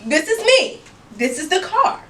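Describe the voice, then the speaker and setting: Brief: woman, high voice, vivid storyteller, sits away from the mic, noisy recording. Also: very animated, measured pace, fairly bright tone, distant mic. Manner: vivid, checks that the listeners are following. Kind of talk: casual storytelling chat.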